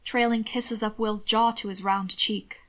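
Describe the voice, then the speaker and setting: A woman narrating fan fiction aloud in a soft, steady storytelling manner. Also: mid-range voice, measured pace.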